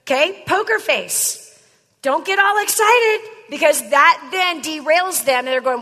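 A woman with a high, bright voice coaches a room on sales and drills each point with "right?" and "okay?". Her voice rings out with a long hall reverb, and she sounds like she is teaching in a large room before an audience. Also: expressive, unhurried. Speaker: sales trainer. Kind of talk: live sales coaching session.

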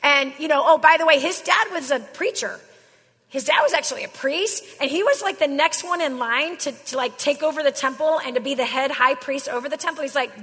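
Bright-voiced woman preaching casually in a hall. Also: high voice, fairly quick. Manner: slangy, chatty storytelling. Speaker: Christian speaker. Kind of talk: casual sermon.

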